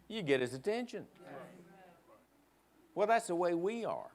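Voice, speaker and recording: A man preaching a sermon in a church, emphatic, leading the congregation in call-and-response and prodding them with quick asides. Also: mid-range voice, sing-song, creaky. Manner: emphatic, prods the crowd with "huh?". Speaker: guest preacher. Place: church sanctuary.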